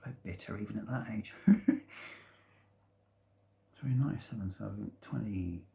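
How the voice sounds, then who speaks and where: A man in his fifties, rambling casually at home about his past, hesitant and meandering with many restarts and soft chuckles. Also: fairly low pitch, normal speed, creaky. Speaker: vlogger. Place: at home, sitting in a sunlit room.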